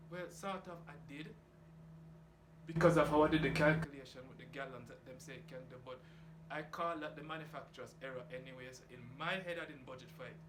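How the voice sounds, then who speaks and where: A man rambling casually about his aquarium hobby, laid-back and swearing freely. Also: fairly high pitch. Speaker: reef tank hobbyist vlogger. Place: home room by an aquarium, door open to outside. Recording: echoey room with outdoor noise. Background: geese and outdoor ambience.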